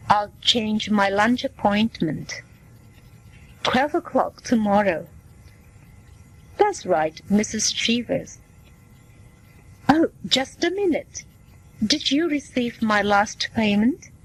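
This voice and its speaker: A woman's voice: a little high, slightly rough, low-quality recording. A woman reading scripted everyday dialogues for English learners, taking every part in turn. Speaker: English listening lesson reader.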